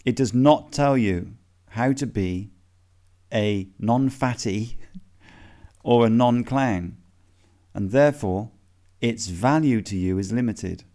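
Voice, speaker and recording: Guy reading self-help stuff out loud, steady and methodical, mid pitch. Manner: measured, methodical question-and-answer delivery.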